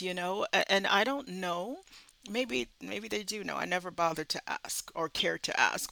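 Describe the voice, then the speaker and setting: Woman, gravelly, bright tone, earnest, dry close mic. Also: medium pitch, dry recording, poor audio. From Southern United States. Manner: earnest and emphatic. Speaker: social work educator, guest. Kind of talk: conversational interview.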